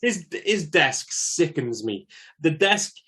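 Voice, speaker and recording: A man's voice: a little high, big pitch swings, slow pace, pushed and bright, slightly rough. A man co-hosting a podcast, rambling casually about films and what irks him. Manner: rambling, easily irked. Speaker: podcast co-host. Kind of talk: casual film chat.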